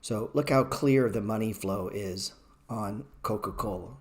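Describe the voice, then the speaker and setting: A man's voice: on the low side, measured pace. A man hosting a live-streamed trading class, blunt and profane, ranting at his chat between chart walkthroughs. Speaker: trading educator.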